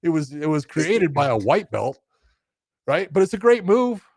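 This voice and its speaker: A man casually telling a story as a podcast co-host, animated and acting out quotes with laughter. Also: a little high, normal speed, no room sound.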